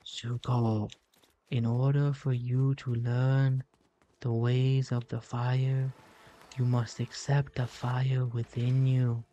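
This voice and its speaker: A man doing a slow, solemn impression of a wise old uncle giving advice. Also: mid-range voice, little pitch movement, warm tone, dull audio, lightly acted. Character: wise old male mentor uncle, calm.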